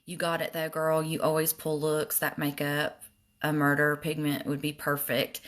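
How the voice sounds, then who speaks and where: Older southern lady doing her makeup on a live stream, chatty and laughing at herself, kinda low voice. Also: a little slow, fairly bright tone. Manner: chatty, self-deprecating, reads comments aloud.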